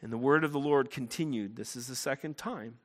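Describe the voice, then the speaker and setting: A man preaching a sermon as a pastor, earnest and emphatic, turning quiet and low in prayer. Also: fairly quick. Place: church sanctuary. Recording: long hall reverb.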